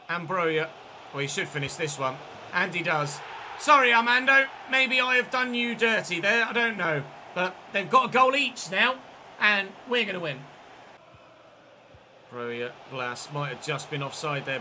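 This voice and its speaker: Bright, high-voiced young gamer. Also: male voice, a little hiss or hum. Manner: chatty, self-correcting, like a match commentator. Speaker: gaming channel host. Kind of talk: casual let's-play commentary.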